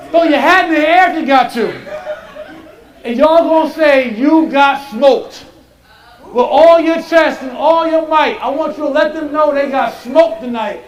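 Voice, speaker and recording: A man hosts a live game show from a stage, pumping up the crowd with lots of energy. His voice sits very high for a man. The sound rings with the echo of the venue. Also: far from the mic. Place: stage with live studio audience. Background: audience.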